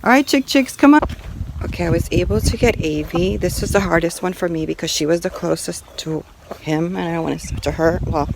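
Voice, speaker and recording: A woman's voice: on the low side, fairly even intonation, fast, gravelly, background noise. A woman talking casually to her viewers while walking around her rural property outdoors, filming herself. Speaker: homestead vlogger. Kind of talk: casual vlog to camera.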